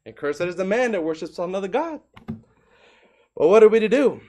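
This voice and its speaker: High-voiced man preaching emphatically. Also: sing-song, fairly quick, warm tone. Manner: emphatic, throws rhetorical questions at the congregation. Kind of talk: sermon.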